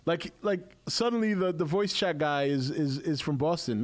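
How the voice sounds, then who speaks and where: A man's voice: fairly high pitch, lively intonation, normal speed. Man, live stream host, chatty, laughs a lot, casual. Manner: chatty, laughs often, restarts sentences.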